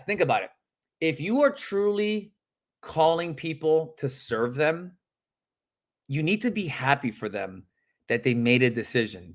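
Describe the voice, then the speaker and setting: A man whose voice sits on the high side coaches real estate agents live. He's animated and emphatic, acting out phone calls and calling on viewers by name.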